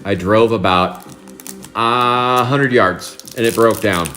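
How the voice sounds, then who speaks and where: A man's voice: on the low side, takes it slowly, bright, forceful tone, faint music behind. A man in his forties from Oregon, chatting casually on a live card break stream, telling rambling stories with frequent chuckles. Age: 40s. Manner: rambling storyteller, chuckles often.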